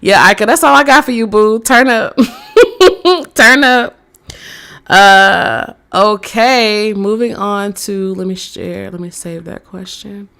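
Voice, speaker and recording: Slow, gravelly-voiced woman tarot reader. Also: medium pitch, a bit bright. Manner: slow, drawn-out delivery with many fillers, reading chat messages. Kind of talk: live-stream tarot reading.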